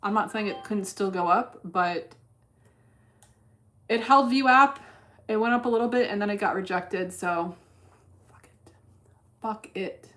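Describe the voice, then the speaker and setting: A woman's voice: mid-range voice, measured pace, fairly bright tone. A woman streaming her day trading in casual chat, blunt and cursing freely as she thinks aloud. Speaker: livestreamer trading stocks.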